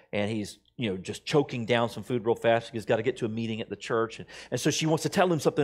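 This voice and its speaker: A middle-aged man preaching a sermon as pastor, talking conversationally and telling stories, sometimes acting out other people's lines. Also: mid-range voice. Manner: conversational storytelling, quoting others in shifting voices.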